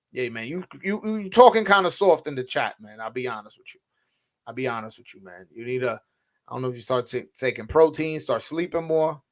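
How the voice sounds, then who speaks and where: A man with a somewhat high voice vents heatedly to his livestream chat. His talk is slangy, fast to anger, and full of stumbles and restarts as he defends his work as a journalist. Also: fairly bright tone. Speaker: boxing journalist and livestream host. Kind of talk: casual livestream rant.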